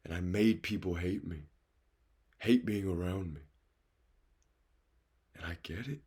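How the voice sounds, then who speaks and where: Husky, earnest man speaking bluntly. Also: low voice, a little slow, a little mellow. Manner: earnest, raw and blunt, swears freely; speaks straight to the listener with urgent conviction. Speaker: vlogger giving life advice. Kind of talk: confessional motivational monologue.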